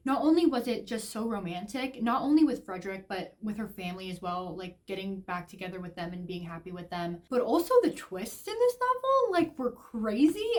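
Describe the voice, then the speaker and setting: A woman book vlogger giving a casual, gushing review, chatty and full of "like" fillers. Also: medium pitch. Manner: gushing, chatty, heavy use of "like".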